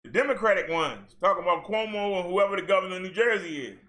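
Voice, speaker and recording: A man's voice: high voice, animated, quick pace, a bit bright. A man giving a sarcastic ranting commentary as he reads off numbers. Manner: sarcastic, talks back at the figures he reads. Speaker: commentary vlogger.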